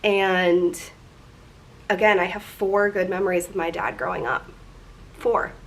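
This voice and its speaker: A woman's voice: medium pitch, fairly bright tone, a little hiss or hum. A woman in her twenties talking candidly and emotionally in a personal confessional vlog, rambling a little as she goes. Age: 20s. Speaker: vlogger.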